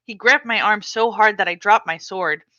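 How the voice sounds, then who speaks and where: A woman author reads aloud from her memoir in an expressive, dramatic way. Her voice is bright and crisp, recorded close and dry. The recording sounds slightly dull and muffled. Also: medium pitch, moderate pace, no echo.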